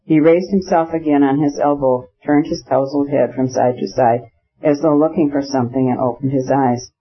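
A man with a husky, medium-pitched voice narrates a classic novel for an audiobook, keeping his reading steady and measured. There's a slight muffling to the audio.

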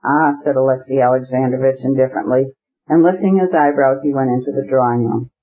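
A man narrating a classic novel as an audiobook, reading in a steady, measured way. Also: medium pitch. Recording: dull lo-fi recording.

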